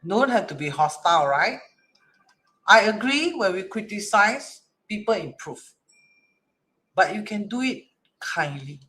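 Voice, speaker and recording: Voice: medium pitch, very animated, measured pace, pauses often, sharp tone. A Chinese metaphysics teacher talking casually to an online class, speaking colloquial English with "lah" and "lor" and often asking "correct?". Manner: chatty, asks rhetorical "correct?" often.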